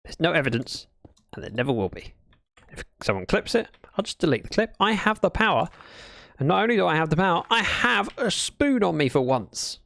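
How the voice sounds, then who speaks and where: A Minecraft livestreamer chats casually and playfully while playing, tossing in little storytelling asides. The medium-pitched voice is sing-song, fairly quick, a bit bright, with vocal fry, and there's no echo.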